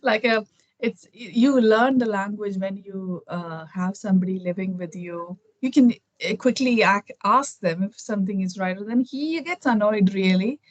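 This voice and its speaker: A woman's voice: medium pitch, moderate pace, no room sound, lo-fi sound. A middle-aged woman from Kerala speaks with an Indian accent, chatting as a guest over a video call. She thinks aloud, with many fillers and restarts. The sound is dry and close. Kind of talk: casual conversation.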